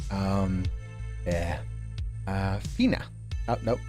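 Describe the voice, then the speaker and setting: A young British man hosting a relaxed stream chat, reading viewer donations, laughing often and swearing casually. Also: low-pitched, extremely slow, music in the background. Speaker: streamer host.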